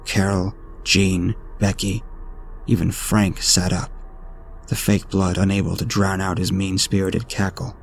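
A man narrating a horror story in a steady, ominous storytelling manner. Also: sits low, unhurried. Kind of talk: scripted narration. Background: faint music.

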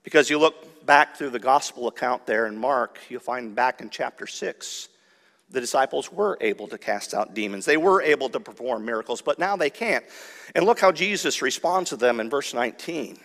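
A man's voice: mid-range voice, animated, normal speed, a bit bright. Male pastor preaching, chatty, keeps asking the crowd questions, big echoey church sound. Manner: conversational preaching with rhetorical questions. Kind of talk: sermon. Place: church sanctuary. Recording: long church hall reverb.

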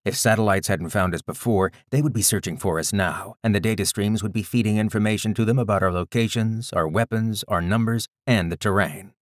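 A man reading a first-person story aloud in a measured, gritty storytelling manner. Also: fairly low pitch, dry recording, studio quality. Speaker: audiobook narrator. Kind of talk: scripted first-person narration.

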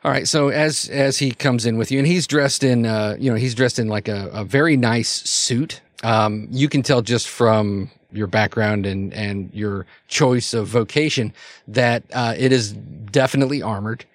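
A man's voice: medium pitch, unhurried, no room sound, clean studio sound. A man narrating a tabletop role-playing game as game master, rambling with many fillers and restarts.

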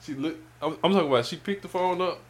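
A man's voice: fairly high pitch, fast talker. A man casually telling a funny story to friends on a podcast, acting out quotes with lots of energy. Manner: animated storyteller, acts out quotes in raised voice. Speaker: podcast co-host.

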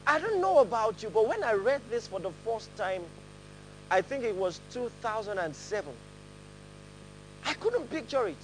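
Animated pastor preaching with lively swings. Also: male voice, high voice, moderate pace, a little hiss or hum, poor audio. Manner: animated, laughing, leads the congregation in reading aloud. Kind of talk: sermon. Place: church hall with a congregation.

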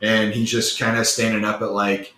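A man's voice: fairly low pitch, completely flat delivery, normal speed, bright, forceful tone, a little hiss or hum. A man narrating a tabletop game as game master, rambling with lots of fillers, in an echoey room.

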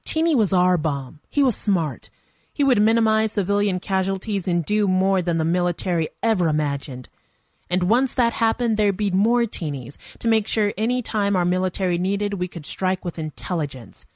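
A woman's voice: mid-range voice, expressive, moderate pace, a little mellow, no echo, studio quality. A woman narrating a first-person story in a wry, conversational manner.

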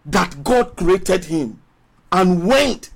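A male pastor preaching a sermon emphatically, repeating phrases and drawing out his words between pauses. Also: sits high, expressive, gravelly, breathy edge. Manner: emphatic preaching with long pauses and rising calls.

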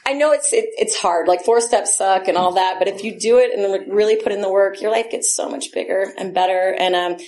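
A woman's voice: medium pitch, a little fast, few pauses, darkish tone. A woman in her forties sharing her recovery story at a meeting, blunt and profane, laughing often as she talks into a handheld microphone. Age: 40s. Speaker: AA meeting speaker. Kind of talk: candid personal recovery share. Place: meeting room.

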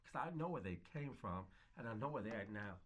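A man in his fifties, a foster parent, talks about his life in a casual interview, earnest and reflective, repeating phrases for emphasis. His voice sits on the low side, brisk and expressive.

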